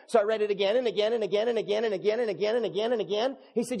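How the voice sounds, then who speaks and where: A middle-aged man preaching a sermon as a pastor, animated and joking, acting out scenes. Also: high voice, rapid-fire, few pauses. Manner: animated, jokey preaching with acted-out dialogue. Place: church hall. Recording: long reverb of a large hall.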